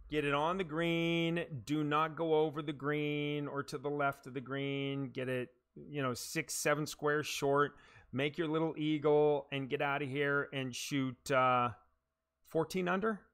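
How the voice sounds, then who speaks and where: A man streaming live gameplay, talking through each move at an unhurried pace. His voice is bright and forceful. He reacts aloud, curses when a shot goes wrong, mocks himself and answers his viewers. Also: a little high, fairly even intonation, clean tone. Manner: reacts aloud to his own shots, frustrated and self-mocking, swears, chats to viewers.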